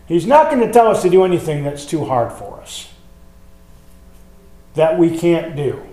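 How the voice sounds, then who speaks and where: A man's voice: a little high, big pitch swings, moderate pace, mellow, echoey room. An older man preaching a sermon, telling folksy stories to the congregation.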